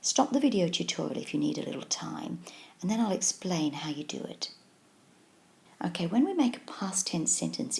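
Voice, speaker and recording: Woman, tutorial teacher, a touch low and gravelly, patient and encouraging. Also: darkish tone. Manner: patient, encouraging, slow and clear explanations. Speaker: Japanese language teacher. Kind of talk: scripted video tutorial lesson.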